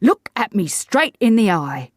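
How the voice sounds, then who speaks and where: A woman voicing a gruff, stern old sailor who talks loudly and commandingly. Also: lowish voice, fairly even intonation, a little fast, no room sound, studio quality, voice pushed up, close to an everyday voice. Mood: blustering. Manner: loud, commanding, blustering.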